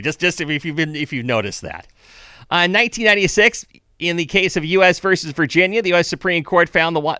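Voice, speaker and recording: A man's voice: on the high side, sharp tone, no room sound, studio quality. An older man hosting a morning radio show, reading the day's history with chatty, conversational asides. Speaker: radio host. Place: radio studio.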